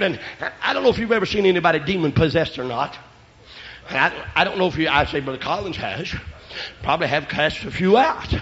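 A man preaching a revival sermon and telling his testimony, shouting in bursts, then dropping to quiet asides. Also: high voice, expressive, brisk. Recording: lo-fi church recording.

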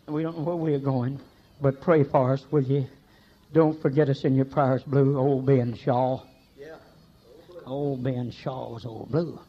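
An older man, preaching a folksy sermon full of stories, swinging between shouts and hushed talk. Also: a little high, breathy edge, highs cut off. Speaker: pastor.

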